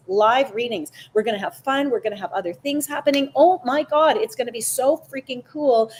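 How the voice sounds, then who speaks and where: A woman hosting a casual psychic live stream, animated and chatty, greeting viewers by name. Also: on the high side, a little hiss or hum. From Canada. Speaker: psychic livestream host.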